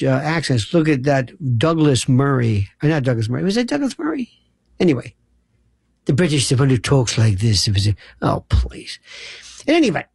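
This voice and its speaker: A man hosting a late-night call-in radio show, delivering a rambling monologue that keeps breaking off and restarting, with sudden loud outbursts. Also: on the high side, gravelly, no echo, studio quality. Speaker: radio talk show host.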